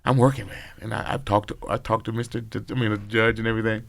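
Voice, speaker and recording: A man's voice: fairly low pitch, little pitch movement, fast, creaky, a bit bright. A man, a former bodyguard and podcast guest, telling loose, profane stories full of quoted dialogue. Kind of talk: casual storytelling. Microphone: podcast mic.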